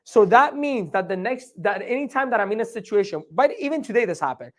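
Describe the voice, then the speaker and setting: Animated male motivational speaker. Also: high-pitched, fairly quick. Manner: animated, asks the audience questions, acts out his inner dialogue. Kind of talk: live training talk to an audience.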